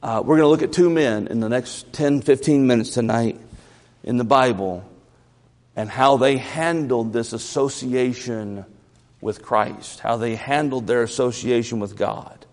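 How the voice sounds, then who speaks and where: A man's voice: mid-range voice, unhurried. Man preaching in an echoey church. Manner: animated, repeats words, stammers at starts. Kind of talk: sermon. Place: church sanctuary. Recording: reverberant church hall.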